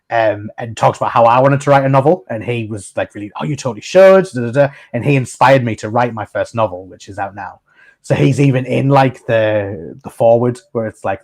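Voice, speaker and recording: A man hosting a casual podcast chat, telling stories in a rambling, chatty way. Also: on the low side. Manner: chatty storyteller, frequent restarts and laughs. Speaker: podcast host.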